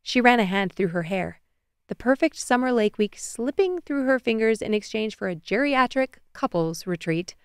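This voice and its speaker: A woman reading a romance audiobook as narrator in an even, measured way, recorded close on a studio mic. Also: a little high, clear, resonant tone, dry recording.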